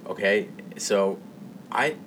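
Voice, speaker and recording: Lower-pitched male podcast co-host telling a story in a halting way, recorded off-mic with clear hiss. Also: animated. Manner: halting, repeats words while telling a story. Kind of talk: casual storytelling chat. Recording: distant mic with audible hiss.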